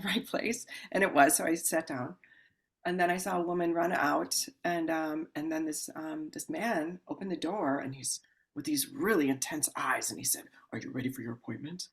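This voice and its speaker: A woman with a slightly low voice, talking casually as a podcast guest. She tells her story with lively swings, acting out what people said and breaking into loud cries, then settles into a calmer explaining tone. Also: a little fast. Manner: animated, acts out quoted voices with sudden loud exclamations; calm explaining voice when describing the ritual.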